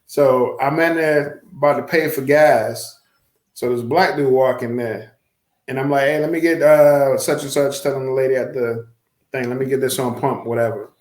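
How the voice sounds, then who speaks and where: A man's voice: medium pitch, fairly even intonation, moderate pace, darkish tone. A man co-hosting a casual podcast, telling stories in slangy talk and laughing often. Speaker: podcast co-host. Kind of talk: casual chat. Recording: roomy echo.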